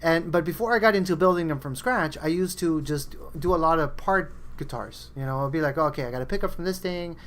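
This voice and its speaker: A man's voice: a little high, brisk, hardly any pauses, a bit bright, slight background noise. A man hosting a podcast, chatting casually and rambling through stories, acting out friends' lines as he goes. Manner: rambling storyteller, acts out quoted friends. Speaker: podcast host. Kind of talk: casual chat.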